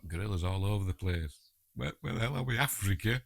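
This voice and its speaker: A man's voice: on the low side, animated, quick pace, vocal fry. A man with a Yorkshire accent giving a chatty, jokey audio commentary on a film and talking back to the characters on screen. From England.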